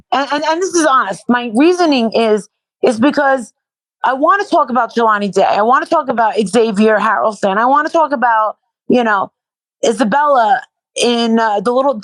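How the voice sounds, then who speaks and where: Blunt, profane woman with a high voice. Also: no room sound, poor audio. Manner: blunt, profane, repeats herself in bursts. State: sore and worn out from protesting. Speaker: interview guest. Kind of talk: casual interview chat.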